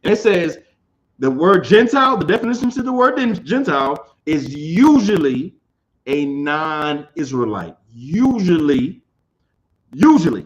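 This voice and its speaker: A man leads a scripture class in an emphatic, loose teaching style, with a voice pitched a little high for a man. He circles back over his own phrases and keeps checking that the room is following. The delivery is conversational rather than preached. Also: a bit bright, dull audio. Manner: emphatic, repeats phrases, keeps asking "you understand?".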